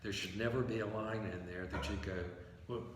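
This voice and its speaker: A man's voice: on the low side, fairly even intonation, fast, distant mic. A man talking as an interview guest about writing, explaining with acted-out example sentences. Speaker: novelist and playwright guest. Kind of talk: conversational interview. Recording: echoey room from afar, faint hiss.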